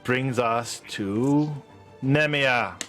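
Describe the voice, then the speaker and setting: A man's voice: medium pitch, extremely slow, a bit bright, soft background music. A man acting as game master over a video call, casually describing scenes and explaining rules to young players with plenty of fillers.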